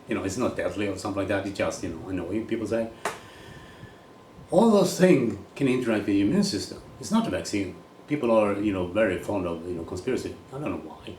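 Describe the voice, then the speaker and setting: A man's voice: lowish voice, a little mellow, recorded from a distance. Blunt Swedish-accented man, echoey room. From Sweden. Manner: blunt, rambling, swears casually. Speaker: golf coach. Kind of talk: casual opinionated monologue. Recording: echoey room with faint ambient noise.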